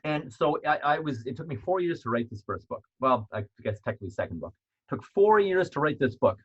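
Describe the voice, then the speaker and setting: A man with a husky, slightly breathy voice delivers an earnest motivational talk, circling back on his points and restarting phrases as he goes. The sound is dull and a little lo-fi, and his pitch sits in an ordinary middle range. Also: big pitch swings, fairly quick. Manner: earnest, repetitive, frequent restarts. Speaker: motivational speaker and author. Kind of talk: motivational self-help talk.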